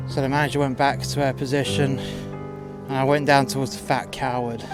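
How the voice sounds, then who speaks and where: A man recounts a story in a blunt, foul-mouthed, heated way. His voice sits at an ordinary middle pitch, and clear guitar music plays under the narration. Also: flat delivery, a little fast. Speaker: storyteller, former doorman. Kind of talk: profane personal anecdote.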